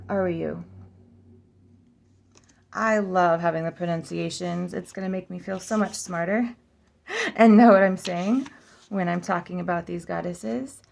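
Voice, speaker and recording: A woman hosting a casual flip-through vlog, slowly sounding out names aloud, correcting herself and musing with giggly asides. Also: on the low side, gravelly, darkish tone. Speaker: oracle deck reviewer.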